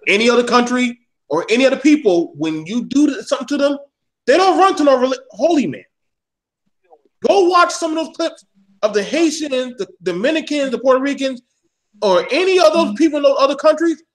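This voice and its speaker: A man's voice: very high voice, expressive, brisk, low-quality recording. A man in a casual panel discussion, speaking bluntly and heatedly, with plenty of swearing.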